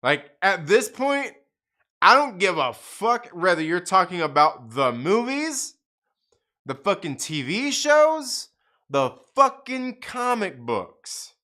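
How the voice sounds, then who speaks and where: His voice sits high and sharp, very animated yet slow, as he hosts a laid-back livestream. The man curses constantly, laughing and ranting over chat comments with plenty of repetition.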